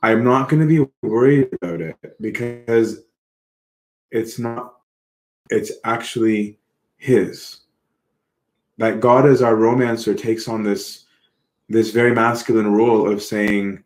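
A man's voice: lowish voice, steady tone, roomy sound. A man giving an earnest, reflective sermon, repeating words as he goes. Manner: earnest, reflective, slow with repetitions. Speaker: preacher.

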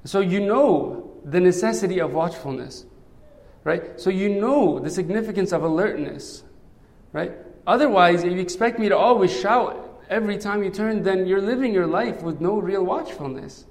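A man's voice: high-pitched, animated, moderate pace. Preacher man in a reverberant hall. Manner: conversational, often adds "right?". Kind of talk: sermon.

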